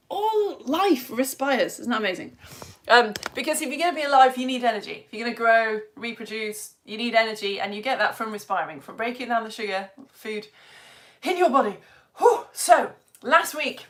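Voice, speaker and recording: A woman with a Yorkshire accent, a science teacher giving a lively live lesson for children, chatty and quizzing her audience. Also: fairly high pitch. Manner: chatty and energetic, asks the audience questions.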